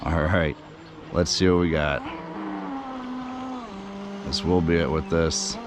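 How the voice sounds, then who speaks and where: Man, very low deep voice, outdoors by a river, excited breathless vlog chatter, shaky with excitement, faint background noise. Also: slow pace. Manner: excited, breathless exclamations and repeated "you guys". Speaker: vlogger running a radio-controlled boat.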